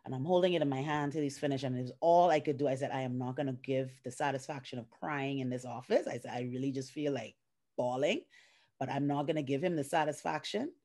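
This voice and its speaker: Speaking quickly in an extremely low voice, a middle-aged woman from the Bahamas, a life coach and guest, recounts a personal story over a video call. Her retelling is emotional and lively, with quotes from others acted out.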